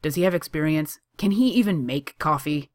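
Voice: mid-range voice, moderate pace, no echo, studio quality, lightly acted. A reader playing a moody, demanding young man who speaks grudgingly. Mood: pissy. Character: needy, grumpy young man, demanding customer.

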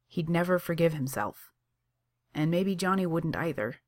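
A woman reads a romantic story aloud in a notably low voice. Her telling is expressive and casual, with the narration's swearing delivered lightly. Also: moderate pace. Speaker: reader. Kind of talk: reading fan fiction aloud.

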